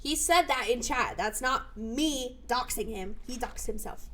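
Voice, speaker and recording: A young woman streaming live, chatting casually, bubbly and excitable with sudden squeals. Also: on the high side, measured pace.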